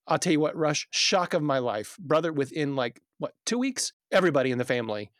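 A man guest on a podcast conversation, telling stories in an animated, earnest way with many fillers and restarts. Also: on the high side, brisk, no room sound, studio quality. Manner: animated storyteller, acts out family scenes.

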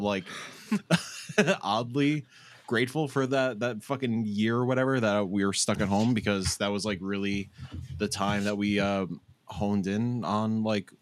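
Lowish-voiced man in heartfelt rambling chat. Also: dry recording. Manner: heartfelt, rambling, swears freely. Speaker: podcast co-host. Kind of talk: casual chat.

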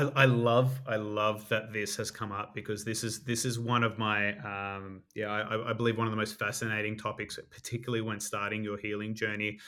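A man with a lowish voice speaks in a fairly flat, even tone as a podcast guest. He reflects on his experiences in a measured way, often leaning on "you know". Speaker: podcast guest, life coach. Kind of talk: reflective interview talk.

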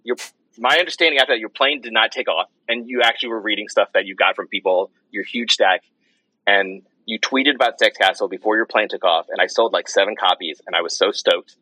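A man's voice: on the low side, fairly quick, sharp tone, breathy edge, dry recording, rough recording. A man who is a guest on a podcast, chatting casually and rambling through a story with many restarts. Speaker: podcast guest, comics writer. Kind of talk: casual chat.

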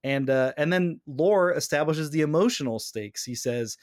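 A man hosting a podcast in casual, animated conversation, his voice sitting a touch higher than most men's. He now and then acts out quoted lines as he talks. The sound is dry and close, with no room around it. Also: normal speed, dry recording. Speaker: podcast host.

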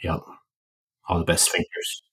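A man co-hosting a podcast, explaining things in a relaxed, casual way with playful asides. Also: a little slow. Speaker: podcast co-host. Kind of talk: casual educational chat.

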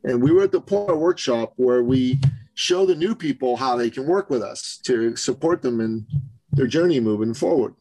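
A man from Canada, a business coach, telling an animated story as a podcast guest and acting out the voices of the people he quotes. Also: mid-range voice, moderate pace, soft background music, poor audio. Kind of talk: storytelling interview.

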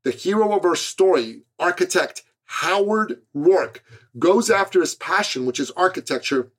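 A man's voice: high voice, lively intonation, a little slow. Earnest man giving a motivational monologue. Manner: earnest and emphatic, with a preacher-like build. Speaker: podcast host.

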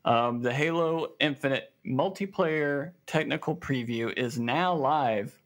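A man with a Southern American accent co-hosts a casual gaming podcast, joking around and reading news aloud with plenty of fillers. He speaks unhurriedly in a mid-range voice.

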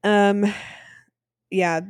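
A woman co-hosting a podcast, chatting casually as she recaps an episode. Her voice sits at a middle pitch, and she acts out quotes with animated energy. The sound is dry and close. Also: very slow, smooth, dry recording. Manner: chatty, animated retelling with acted quotes and laughs. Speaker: podcast co-host.

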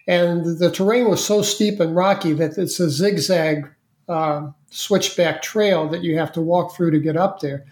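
Halting, filler-heavy guest storyteller at a mid pitch, recorded in an echoey room. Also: fairly even intonation, darkish tone. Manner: halting, with many fillers and repeated words. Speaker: interview guest. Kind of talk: casual spoken storytelling.

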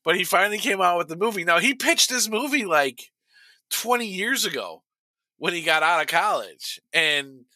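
A man's voice: high-pitched, sing-song, moderate pace, pushed and bright, dry recording, rough recording. A middle-aged man chatting casually on a podcast, telling a long story with restarts and laughing at his own tale. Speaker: podcast co-host.

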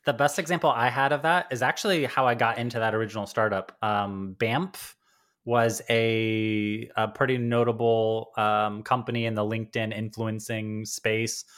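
A man's voice: fairly low pitch, fairly even intonation, normal speed, a bit bright. A man who founded an agency, speaking as a podcast guest in casual interview talk, conversational with lots of fillers and restarts.

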